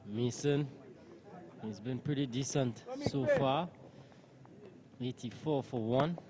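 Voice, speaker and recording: A man's voice: medium pitch, takes it slowly, a crowd in the background. Male cricket commentator calling each ball.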